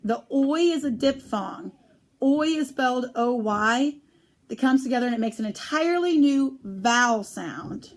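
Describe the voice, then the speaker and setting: A woman teaching a phonics lesson on syllable types, speaking clearly and drawing out the example words slowly. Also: sits high, expressive.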